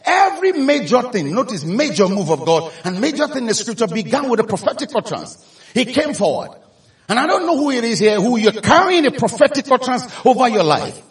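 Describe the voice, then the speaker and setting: High, lively Nigerian preacher in an echoey hall. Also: male voice, brisk, far from the mic. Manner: animated storytelling, rising to shouts for emphasis. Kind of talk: sermon.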